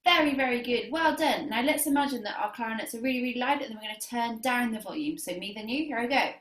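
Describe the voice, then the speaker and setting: A woman's voice: on the high side, fast talker, a bit bright, roomy sound. A woman teaching a beginner clarinet lesson on video, counting students in and giving lots of praise. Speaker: music teacher.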